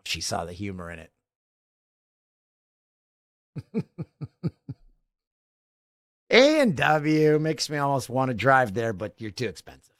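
A man in his forties hosting a podcast in casual chat, animated and jokey, laughing often. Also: medium pitch, takes it slowly, long pauses, no echo. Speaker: podcast host.

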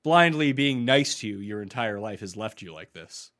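Bright, teasing man, lively pitch. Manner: teasing, mocking, quick to laugh. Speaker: podcast co-host. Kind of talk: comedic banter.

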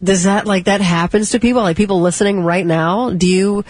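Husky-voiced radio co-host, chatty. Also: medium pitch, fairly even intonation, brisk, darkish tone, no room sound. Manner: chatty, curious, lots of fillers. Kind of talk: casual radio banter.

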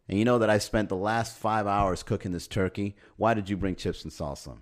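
Deep-voiced man riffing sarcastically. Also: a little fast. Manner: sarcastic, wry, laughs at his own jokes; swears casually. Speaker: podcast host. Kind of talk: casual comedic podcast monologue.

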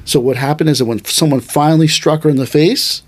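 A man who teaches a traditional martial art, explaining in a casual podcast conversation. He talks animatedly and thinks aloud, with restarts and quick asides. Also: fairly high pitch.

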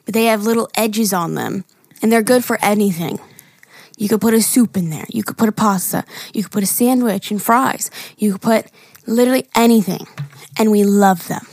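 A young woman co-hosts a podcast in a mid-range, slightly mellow voice at normal speed, captured in a dry, studio-quality recording. Her casual chat is giggly and enthusiastic, full of laughter and eager detail.

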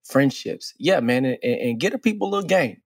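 A man's voice: mid-range voice, lively intonation, fairly quick, no echo. A man with a mid-range voice co-hosts a casual podcast. He banters playfully and cheers his partner on in an easygoing way, heard dry and close to the mic. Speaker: podcast co-host.

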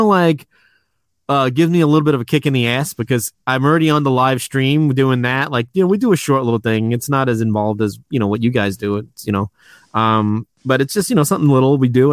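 A man with a New York accent rambles through casual podcast chat as a guest. He keeps circling back with fillers and restarts. His voice sits at a middling pitch and sounds dry and close, with no room around it. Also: no echo. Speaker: toy store owner, podcast guest.

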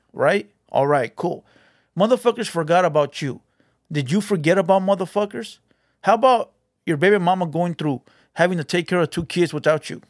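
A man's voice: fairly high pitch, no room sound, studio quality. A man giving a blunt, preachy street advice monologue as a reaction video host, mixing Spanish slang into his talk.

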